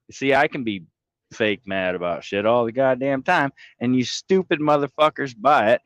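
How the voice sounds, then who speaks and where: A man livestreaming, ranting theatrically with heavy swearing and mockery, jumping from mutters to shouts. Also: mid-range voice, lively intonation, moderate pace, no room sound, poor audio. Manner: theatrical, swings from mumbling to shouting. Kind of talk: profane livestream rant.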